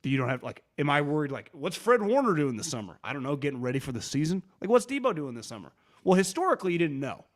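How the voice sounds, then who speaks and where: A man co-hosting a sports podcast, talking fast and animated with many restarts and quoted asides. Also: fairly high pitch. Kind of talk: casual sports talk.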